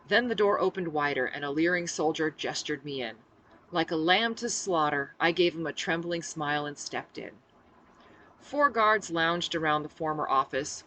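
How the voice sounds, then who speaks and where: A woman's voice: deep voice, pushed and bright, slight background noise, poor audio. A woman reading her own novel aloud in the first person, voicing the dialogue expressively. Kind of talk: audiobook-style first-person narration.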